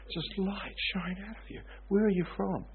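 A man voicing an excited young man who keeps pressing with questions, in a tinny recording. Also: high voice, normal speed, husky, pitched above the performer's own voice, full character voice. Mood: insistent. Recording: tinny phone-like sound.

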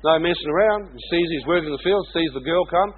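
A man's voice: on the high side, quick pace, husky, phone-quality sound. A man with a New Zealand accent tells a personal testimony story in a chatty way, laughing often and asking "you know what I mean". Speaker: speaker giving a personal testimony.

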